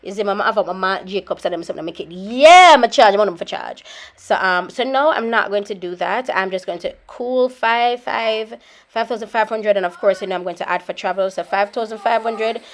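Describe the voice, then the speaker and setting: A woman's voice: mid-range voice, fairly quick. A chatty Jamaican woman talks freely in her home vlog as a makeup artist. She drifts between standard English and patois. She turns aside now and then to call out to her children. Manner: scolds her children mid-talk. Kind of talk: casual vlog chat.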